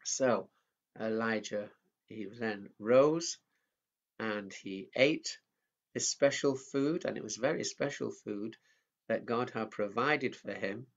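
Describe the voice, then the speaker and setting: A man preaching at a family service, telling a Bible story in a gentle, simple way. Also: fairly low pitch, slow. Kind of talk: children's sermon storytelling. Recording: dull lo-fi sound.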